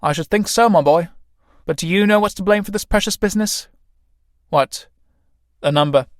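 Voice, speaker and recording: A man's voice: high-pitched, moderate pace, no echo, studio quality, voice pushed up, natural voice. A man voicing a wry, talkative male company manager in a read-aloud play.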